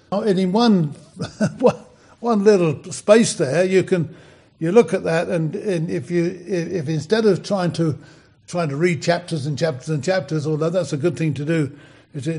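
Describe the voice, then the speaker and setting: A man with a slightly high voice delivers a sermon in a halting, conversational way, stopping and restarting his sentences often. When he reads scripture, he turns louder and more emphatic. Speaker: preacher.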